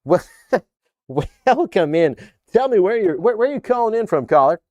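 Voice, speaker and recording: A man putting on the voice of a cheesy male radio DJ, with a booming, drawn-out announcer delivery. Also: sing-song, darkish tone, highs cut off. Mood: hammy.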